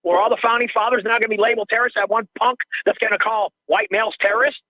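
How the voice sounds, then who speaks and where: Agitated and repetitive, an older radio caller rants very fast in a high, sharp voice with fairly even intonation. The call audio is dull and lo-fi, without any room sound.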